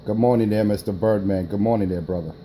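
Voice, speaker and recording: A man's voice: lowish voice, quick pace, dark tone, slight background noise, poor audio. A man talking on a CB radio, boastful and rambling, with many fillers. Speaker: CB radio operator. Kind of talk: radio chatter.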